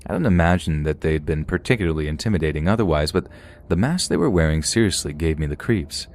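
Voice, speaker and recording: A man reading a first-person horror story as scripted narration, telling it steadily and slowing down at the tense moments. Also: rumbling low, a little mellow, a little hiss or hum.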